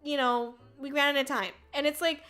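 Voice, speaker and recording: Bright, high-voiced woman telling a rambling story. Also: fairly even intonation, a little fast. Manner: rambling, lots of "like" and "um", swears, laughs often. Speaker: VTuber streamer. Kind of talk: casual storytelling rant.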